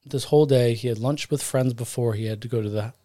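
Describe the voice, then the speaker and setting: A man's voice: mid-range voice, fast, dark tone, dry recording. A man co-hosting a podcast, retelling a story in a casual, rambling way, correcting himself and joking as he goes. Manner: rambling, self-correcting, jokey. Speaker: podcast co-host. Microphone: studio podcast mic.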